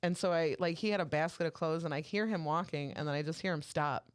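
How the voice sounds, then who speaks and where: A woman with a slightly low voice chats casually on a podcast. She tells stories with energy and slips into the voices of the people in them. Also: quick pace, clean tone. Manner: animated storyteller acting out family dialogue. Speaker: podcast co-host. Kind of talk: casual chat.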